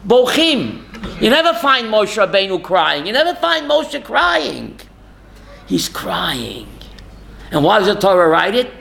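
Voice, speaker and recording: A man's voice: high voice, huge pitch swings, measured pace, gravelly, bright, forceful tone, a little hiss or hum. A man giving a rabbi's Torah class, emphatic, firing rhetorical questions and calling on listeners by name.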